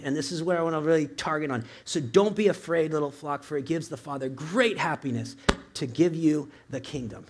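A male pastor delivers a sermon in a church, talking casually rather than orating. His voice sits slightly above the usual male register, and he keeps checking in with listeners through quick rhetorical questions and asides. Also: fairly high pitch.

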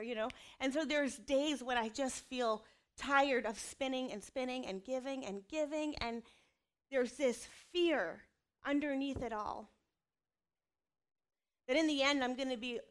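She takes her time, her high voice carrying a fairly bright tone. A woman in her thirties, she's a mother giving a frank, sincere testimony about her faith and family, laced with self-deprecating humor.

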